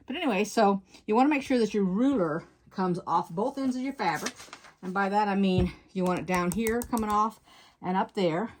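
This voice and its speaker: A quilter records at her home sewing table, guiding viewers through fabric cutting in a folksy, talkative way and stopping now and then to fix what she said. Slightly winded, she speaks at a moderate pace in a medium-pitched voice.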